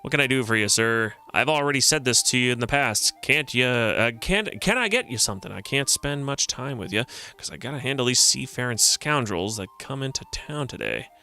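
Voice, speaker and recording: A man voicing a harried woman running a rowdy game tavern, brisk and scolding as he reads her lines quickly. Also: medium pitch, lively intonation, bright, forceful tone, clear, resonant tone. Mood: scolding, hurried.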